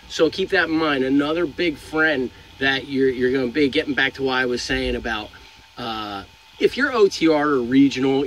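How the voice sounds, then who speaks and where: A man's voice: medium pitch, fairly bright tone, slight background noise, poor audio. A young man who drives trucks, giving frank, rambling advice to viewers, swearing now and then. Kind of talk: casual advice vlog. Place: inside a truck cab.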